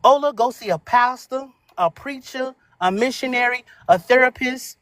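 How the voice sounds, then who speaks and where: A woman on a live audio panel debate, taunting and hurling slow, drawn-out insults. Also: high voice, fairly bright tone, no room sound. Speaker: panel speaker.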